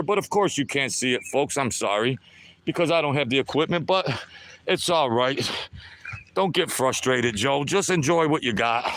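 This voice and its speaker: A man's voice: mid-range voice, a bit bright, slight background noise. A man in his sixties talking to himself as he walks outdoors on a lakeside trail, chatty and upbeat, streaming live to viewers. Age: 60s. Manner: talks to himself while walking, chatty and upbeat. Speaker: vlogger. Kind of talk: live walking vlog.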